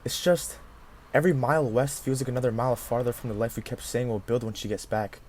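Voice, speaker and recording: A devoted young husband and narrator, voiced by a man, with a medium-pitched voice and an earnest, reflective delivery. Faint background noise sits under his voice in this audio drama. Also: fairly even intonation, fast talker, a little mellow, close to an everyday voice. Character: devoted young husband missing his far-away wife. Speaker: narrator and lead character.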